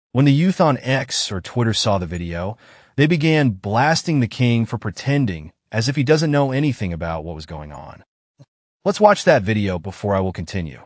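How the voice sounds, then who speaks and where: A man's voice: on the low side, dry recording, studio quality. A man giving emphatic, lecturing news commentary to his online audience.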